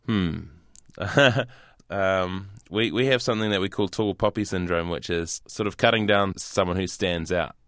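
A man in his thirties with a New Zealand accent, giving an interview in a dry, hesitant way with soft laughs. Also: deep voice, measured pace, few pauses, dry recording. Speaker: guest actor and comedian. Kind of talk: interview conversation.

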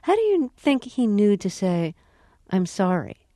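A woman radio host asking an interview guest measured, gentle questions. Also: medium pitch, sing-song, dry recording, clean studio sound.

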